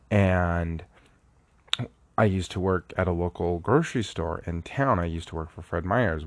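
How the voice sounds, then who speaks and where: Low, slow-talking sleepless young man. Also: no room sound. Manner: earnest, reflective and rambling, often restarting sentences. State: sleepless, recording early in the morning. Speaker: podcast host. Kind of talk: casual solo podcast monologue.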